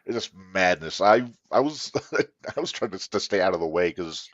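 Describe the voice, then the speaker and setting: Deep-voiced man, dull dry recording. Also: expressive, moderate pace, a bit bright. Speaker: podcast co-host. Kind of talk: casual chat.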